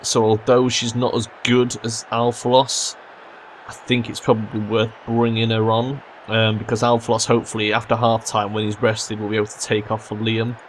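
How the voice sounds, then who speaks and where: A young man commentating his own football management game, swearing and yelling at his players when they mess up. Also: fairly low pitch, monotone, normal speed, a little hiss or hum. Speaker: gaming commentator. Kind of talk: let's play commentary.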